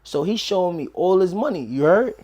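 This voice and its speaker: A man telling a story in casual street slang, acting out quoted lines as he goes. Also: sits high. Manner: animated street slang, quick quoted dialogue. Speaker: interview guest.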